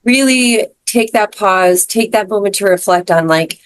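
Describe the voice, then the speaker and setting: A woman on a podcast, chatting casually and telling a long personal story. She talks in a loose, rambling way, full of fillers and restarts, in a voice of middling pitch. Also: unhurried, clean tone, no echo. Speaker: podcast co-host. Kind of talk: casual chat.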